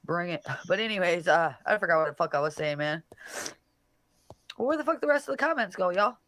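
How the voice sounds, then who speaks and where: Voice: medium pitch, expressive, fairly quick, a bit bright. A solo livestream host reading chat comments aloud and answering them in a blunt, profane, combative way. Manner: talks back to chat comments directly.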